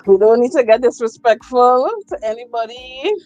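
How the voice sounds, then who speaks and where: A woman's voice: fairly high pitch, steady tone, warm tone, dry recording, highs cut off, soft background music. A woman hosting a casual livestream, reading out viewer comments, repeating herself and laughing often. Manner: slow, repetitive, laughs often. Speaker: livestream host. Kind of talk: casual live chat. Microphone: phone.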